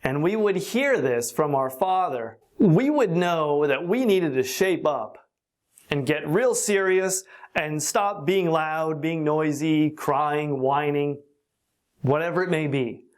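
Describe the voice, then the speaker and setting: Online English tutor, unhurried and carefully spaced delivery, mid-pitched, chuckles between examples. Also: expressive. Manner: slow, deliberate explaining with occasional laughs. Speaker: English teacher. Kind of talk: online language lesson.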